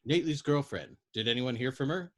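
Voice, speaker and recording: A man's voice: medium pitch, brisk, lightly acted. A furious young soldier, voiced by a man reading aloud, who keeps pressing and demanding. His questions come out insistent and bitter in a storybook reading.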